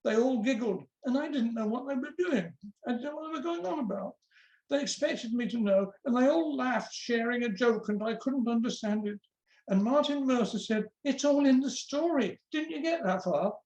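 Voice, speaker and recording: A guest reader reads a memoir aloud in an easy, conversational storytelling manner. The voice sits at a middle pitch. The room adds a noticeable echo. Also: moderate pace, darkish tone, muffled recording. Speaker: guest reader at book launch.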